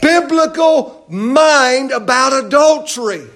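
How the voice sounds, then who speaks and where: A man's voice: extremely high pitch, expressive, slow, gravelly, a bit bright. A man preaching a sermon in a church, emphatic and full of rhetorical questions and repeated phrases. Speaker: pastor.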